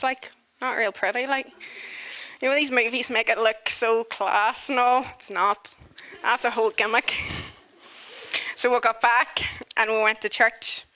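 Woman, lively storyteller, bright and fairly high voice. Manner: animated, chatty, full of fillers. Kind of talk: humorous personal storytelling.

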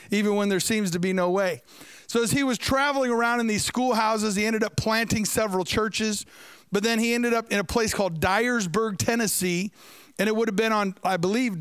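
Male preacher, storytelling sermon, high resonant voice, dry close sound. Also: fairly bright tone, clean tone, no room sound. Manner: storytelling with asides to the congregation.

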